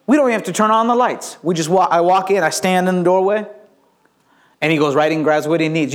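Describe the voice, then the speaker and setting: A middle-aged male pastor preaching a sermon, telling the story in a lively way and acting out the voices. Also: sits high, fast talker. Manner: animated storytelling, acts out voices.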